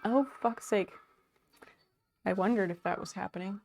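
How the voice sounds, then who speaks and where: A woman's voice: mid-range voice, normal speed, a little mellow. A woman livestreaming from her home office, chatting casually as she sorts and works, greeting and thanking viewers and laughing often. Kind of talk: casual livestream chat while doing home chores.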